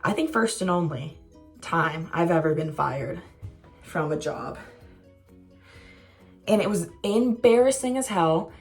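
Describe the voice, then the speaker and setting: Young woman vlogging a storytime, lowish voice, swears a lot, faint music behind. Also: animated, slow pace, pauses often. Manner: candid, swearing, self-mocking. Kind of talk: casual storytime.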